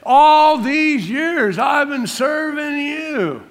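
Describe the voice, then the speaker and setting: A preacher acting out a resentful grown older brother, whining in a slow, drawn-out, complaining voice. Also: male voice, fairly high pitch, expressive, natural voice. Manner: drawn-out, complaining, sulky whine.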